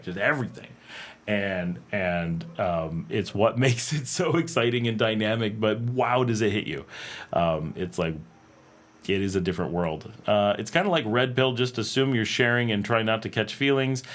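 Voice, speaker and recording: A man's voice: lowish voice, normal speed. An American man hosting a livestream, chatting casually and reading viewer comments with fillers and frequent laughs. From North America. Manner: rambling, animated, laughs often, many fillers. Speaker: livestream host. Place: home in Nicaragua.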